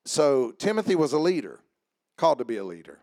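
A very animated male pastor preaches fairly quickly in church, starting low and conversational and building to shouted preaching as he calls out church members by name. There's no echo.

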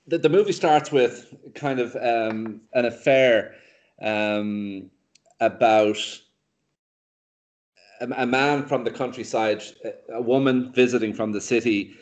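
A man co-hosting a casual film podcast, retelling a movie's plot in a rambling, animated way with lots of fillers and restarts. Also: fairly low pitch. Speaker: podcast co-host reviewing films. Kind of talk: casual chat.

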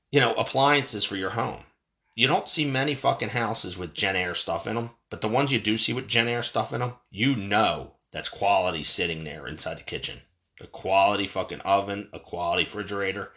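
A man's voice: fairly low pitch, bright, forceful tone. A man ranting about politics and prices in a fired-up, swearing monologue as a podcast host. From United States. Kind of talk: profane political rant.

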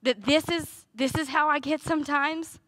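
A woman delivers a sermon in a high, bright voice. She talks conversationally, with rhetorical questions and lively asides. The sound is close and dry. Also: normal speed, dry recording. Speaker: preacher.

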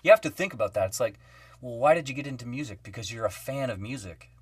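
A man's voice: mid-range voice, quick pace, breathy edge, no echo, studio quality, recorded from a distance. A man, a guest musician, telling stories in casual podcast chat, acting out quoted voices with lots of fillers. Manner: animated storyteller, acts out quoted voices, many fillers.

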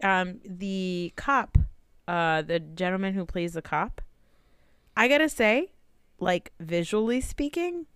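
A woman co-hosting a casual movie review chat, blunt and animated, swearing and laughing often. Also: on the low side, slow, clean tone, no echo, clean studio sound. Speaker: podcast co-host.

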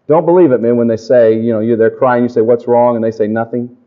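A middle-aged man preaching a testimony sermon to a congregation, folksy and animated in his storytelling. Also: mid-range voice, fast talker. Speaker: pastor. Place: church or camp meeting. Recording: dull lo-fi live recording.

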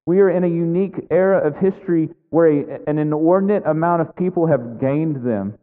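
A man's voice: fairly high pitch, a little fast. A man pastor delivers a sermon in a church, earnest at first and then pressing each point with fervent emphasis. The sound is thin and phone-like. It rings with the long reverb of a big hall.

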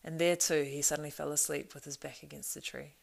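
A woman narrating a storybook in a measured, expressive reading. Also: sits low, vocal fry. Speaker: audiobook narrator.

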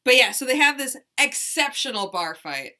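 Bright-toned woman podcast co-host; casual, chatty film recap with swearing. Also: high voice, big pitch swings, normal speed. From Wisconsin. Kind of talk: casual movie recap chat.

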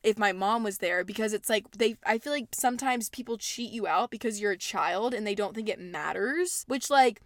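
A young woman of eighteen hosts her own podcast from home and tells stories in a chatty, animated rant. She swears all the time but keeps a bubbly tone, and her voice sits in an ordinary middle pitch. The sound is dry and close, with no room echo. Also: normal speed, few pauses. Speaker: podcast host. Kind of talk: casual podcast storytelling rant. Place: at home, indoors.

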